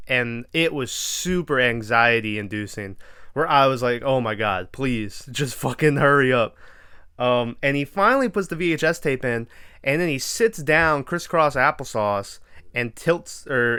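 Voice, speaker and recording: Young male podcast host, loose swearing recap, smooth clear voice, dry close sound. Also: medium pitch, bright, forceful tone, dry recording. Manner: profane, rambling storytelling with fillers. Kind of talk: casual movie recap.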